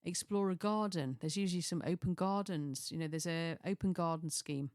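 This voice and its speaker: A woman's voice: on the low side, moderate pace, darkish tone, no room sound, studio quality. A middle-aged woman from Chester, chatting casually through a list of ideas, rambling and restarting with chuckling asides. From Chester, England. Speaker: lifestyle vlogger.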